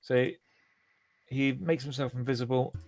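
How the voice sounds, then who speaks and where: A man narrating a tabletop game as game master, animated and jumping into brief character voices. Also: no echo, low-quality recording. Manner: animated, slipping into quick squeaky character voices.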